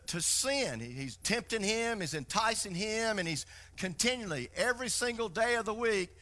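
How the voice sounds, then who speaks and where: A male pastor delivering a sermon, working through a story with emphasis and frequent restarts. His voice is fairly high and bright, with a tense edge. He speaks like a preacher addressing a congregation.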